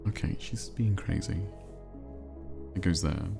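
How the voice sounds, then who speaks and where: A man streaming a cozy game, chatting in a relaxed, rambling way and answering his chat. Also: sits low, a little slow, creaky, over music. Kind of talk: casual chat while playing a cozy game.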